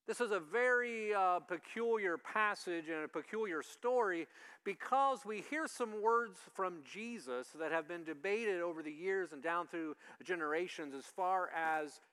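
A man with a fairly high, bright, ringing voice delivers a sermon as pastor. He keeps it conversational and keeps questioning the congregation. He acts out the people he quotes with loud shouts. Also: lively intonation, unhurried, smooth.

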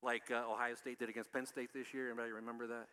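A man preaching a sermon in a relaxed, conversational way, often asking the congregation questions. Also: medium pitch, racing, clear, resonant tone. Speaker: pastor.

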